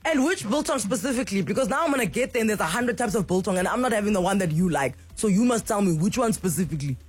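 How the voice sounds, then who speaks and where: Husky-voiced woman radio host. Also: medium pitch, lively intonation, faint music behind. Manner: teasing, quick-witted. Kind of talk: casual radio banter and promo reading. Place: radio studio.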